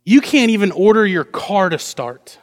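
A pastor preaches from the pulpit at a normal speed, his voice high for a man. Full of lively energy, he fires rhetorical questions at the congregation and playfully acts out short lines, while a large sanctuary adds long reverb.

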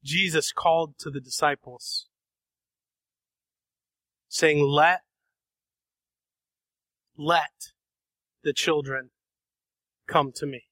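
A man preaching a sermon, dramatic, acting out voices and shifting between soft and loud passages. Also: fairly high pitch, fairly even intonation, extremely slow, long pauses, dry recording. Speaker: pastor.

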